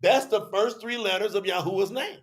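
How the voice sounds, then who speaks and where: Speaking fairly quickly in a high voice, a man teaches a live religious telethon audience. He's chatty and repeats himself, voicing both sides of an argument as he explains.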